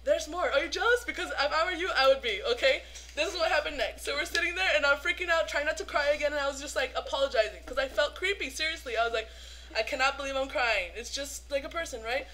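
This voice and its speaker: A young woman vlogging as a fan, telling a story in an excited, gushing way, full of "like" fillers. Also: sits high, quick pace.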